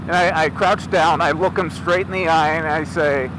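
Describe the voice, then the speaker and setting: Against noisy outdoor sound, a man who vlogs about motorcycles relates a run-in in animated, casual fashion, voicing each side himself. He speaks at a moderate pace in a steady, slightly high voice.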